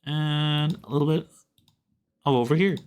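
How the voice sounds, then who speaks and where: Slow-talking Irish man running a game. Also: a little high, steady tone, a little mellow, clean tone. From Ireland. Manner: slow, laid-back, chuckling often while reading chat. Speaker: game master and streamer. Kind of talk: casual live-stream chat while running a tabletop game.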